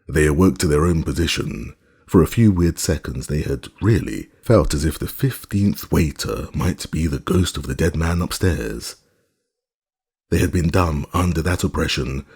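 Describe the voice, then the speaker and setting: Very deep, gravelly male narrator. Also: darkish tone. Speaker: audiobook narrator. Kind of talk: scripted narration.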